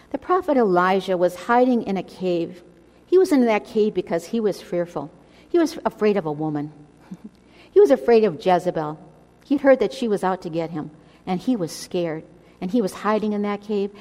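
A woman's voice: medium pitch, darkish tone. A woman teaching a women's Bible study, speaking earnestly and addressing her listeners directly as she exhorts them. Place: church. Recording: long hall reverb.

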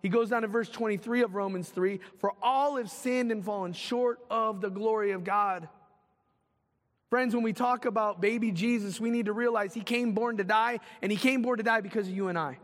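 High-voiced male preacher in a reverberant hall. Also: moderate pace. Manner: preaching with dramatic swings from loud to hushed. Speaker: pastor. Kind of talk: sermon.

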